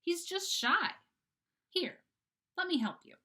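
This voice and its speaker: A woman's voice: very high-pitched, big pitch swings, slow pace, pushed and bright, voice pushed up, full character voice. A woman voicing a strict, fussy schoolteacher in a storybook reading, prim and scolding.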